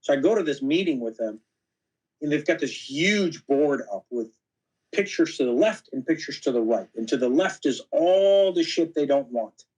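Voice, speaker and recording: A man's voice: on the high side, moderate pace, husky, low-quality recording. A man, a guest on a podcast, telling casual anecdotes and acting out what other people said, with plenty of "you know.". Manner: animated anecdotes, acting out quoted dialogue; frequent fillers like "you know". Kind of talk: casual storytelling interview.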